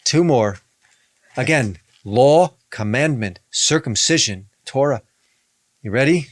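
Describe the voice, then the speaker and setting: A man's voice: medium pitch, expressive, slow pace, no echo. A man, a rabbi, in a podcast discussion, speaking emphatically, repeating key phrases and reading scripture aloud.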